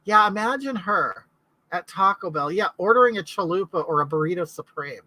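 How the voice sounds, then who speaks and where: A woman's voice: lowish voice, animated, fairly quick, bright, forceful tone, no room sound, low-quality recording. A middle-aged woman from California, hosting a casual live chat in a rambling way and answering viewers' comments. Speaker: livestream host.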